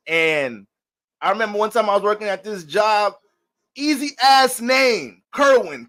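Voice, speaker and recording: High-voiced, profane casual man. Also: a bit bright. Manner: loose, profane, joking, addresses viewers as family. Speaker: astrology reader. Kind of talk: casual astrology talk with storytelling.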